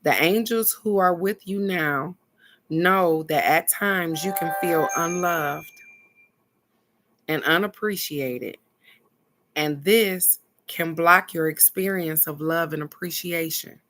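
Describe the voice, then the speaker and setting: Low, bright-toned woman reading oracle cards. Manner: chatty, laughs often, reads card texts aloud slowly. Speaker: oracle card reader hosting a live stream. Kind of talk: casual live card reading to viewers.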